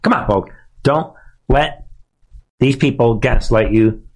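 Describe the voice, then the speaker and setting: A man hosting a political commentary livestream. He is emphatic and combative, and keeps calling his audience "ladies and gentlemen.". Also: medium pitch, slow pace. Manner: indignant and combative. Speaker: talk show host.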